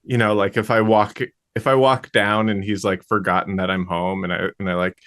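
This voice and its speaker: A young adult man co-hosting a podcast, chatting casually in a halting way with many restarts. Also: lowish voice, level tone, a bit bright. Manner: halting, lots of fillers and restarts. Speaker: podcast co-host. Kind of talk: casual chat.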